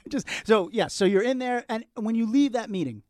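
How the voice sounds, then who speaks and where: A man's voice: high voice, lively intonation, a little slow, darkish tone, dry recording, clean studio sound. A man hosting a casual interview, chummy and profane, jumping in with questions and his own stories. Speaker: podcast host.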